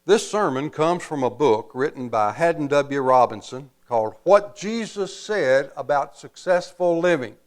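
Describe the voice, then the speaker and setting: A man preaching a sermon as pastor, slow and emphatic, pausing often and adding folksy asides. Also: on the high side, lively intonation.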